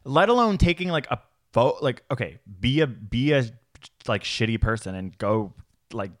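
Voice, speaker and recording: A man's voice: medium pitch, animated, normal speed, fairly bright tone, no room sound, clean studio sound. A man co-hosting a podcast in casual chat, ranting animatedly with jokey asides. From Canada. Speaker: podcast co-host.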